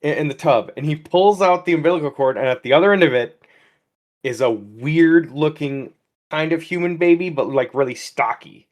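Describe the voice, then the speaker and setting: A man's voice: a little high, moderate pace. A man co-hosting a casual comedy podcast, rambling through a plot retelling and acting out the characters' lines. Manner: rambling storyteller, acts out quoted lines. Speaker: podcast co-host.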